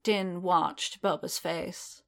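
A woman reading story narration aloud in an even, steady manner. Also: lowish voice, extremely slow, gravelly. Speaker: reader. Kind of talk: audiobook narration of fan fiction.

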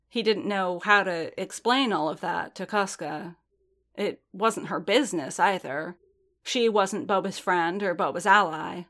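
A woman narrating a fan fiction story in a steady storytelling manner. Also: on the low side.

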